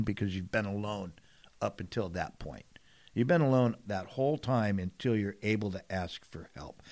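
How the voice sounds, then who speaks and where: A low-voiced middle-aged man from San Diego tells candid stories in an earnest, emphatic way. He drops nearly to a murmur and then surges loud again. The recording is dry and close. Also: dry recording. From San Diego, California. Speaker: guest, fisherman and TV personality. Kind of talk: candid storytelling in conversation.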